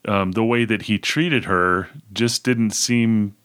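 A man's voice: on the low side, slow pace, a bit bright, clear, resonant tone. A man co-hosting a podcast, talking casually about a film in a laid-back way, often with short agreeing replies. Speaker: podcast co-host.

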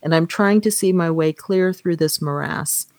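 A troubled, driven man, as a woman reads him aloud pours out one earnest question after another. The voice is on the low side and the sound is dry. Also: moderate pace, a little mellow, dry recording, natural voice. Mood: searching.

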